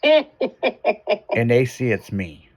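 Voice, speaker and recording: A man's voice: mid-range voice, very slow. A man hosting a casual chat, telling a long profane story with lots of swearing and acted-out quotes. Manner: profane, animated storyteller who acts out quotes.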